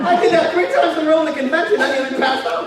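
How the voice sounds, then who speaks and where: Brief: man in his 50s, high-pitched stage speaker, heard from far off in a big hall with a crowd. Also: rapid-fire. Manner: animated, shouting, laughing while talking. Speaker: motivational speaker. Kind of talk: storytelling seminar talk. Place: large hall with a live audience.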